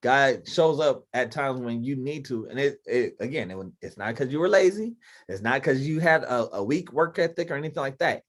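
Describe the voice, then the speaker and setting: A man's voice: mid-range voice, animated, normal speed. A man hosting a podcast over a video call, talking emphatically with many fillers about work and faith. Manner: emphatic, conversational, lots of fillers. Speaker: podcast host. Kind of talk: casual faith-based talk on a video call.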